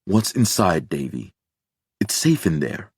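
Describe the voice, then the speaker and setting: A man voicing a calm middle-aged doctor who speaks slowly in a reassuring baritone. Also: husky, dry recording, clean studio sound, full character voice. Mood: soothing. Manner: slow, soothing, reassuring baritone.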